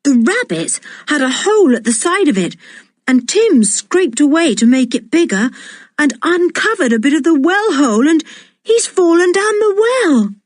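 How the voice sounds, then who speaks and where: A woman voicing a sensible boy who takes charge of the other children, explaining things in a raised, excited voice. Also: medium pitch, a little slow, no room sound, clean studio sound. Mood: astonished.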